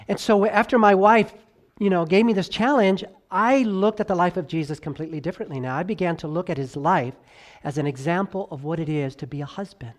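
A man preaching as a pastor ranges from forceful, loud emphasis to hushed quiet. He lets key words unfold slowly, wanders into conversational asides, and stammers through restarts.

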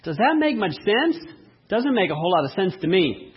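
A man preaching a sermon, asking the congregation questions and telling lively everyday stories. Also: sits high, moderate pace, husky, dull audio. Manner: asks the audience rhetorical questions, animated storytelling. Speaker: pastor.

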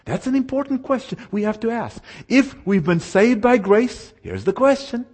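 A man preaching a sermon, slowing down to stress verses and asking the audience questions. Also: very high voice, very animated, a little mellow, husky. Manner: emphatic, slows down to stress scripture, asks audience questions.

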